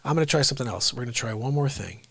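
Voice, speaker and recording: A man's voice: medium pitch, expressive, rapid-fire, creaky, a bit bright, breathy edge, dry recording. A man hosting an unscripted livestream, rambling and joking and then griping when his tech won't work. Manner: rambling, jokey, frustrated with tech. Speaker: livestream host.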